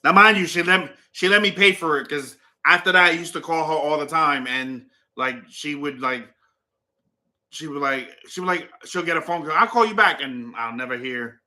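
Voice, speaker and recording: Bright-voiced man teasing his wife. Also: a little high, moderate pace. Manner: playful, teasing storyteller. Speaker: host. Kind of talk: casual chat.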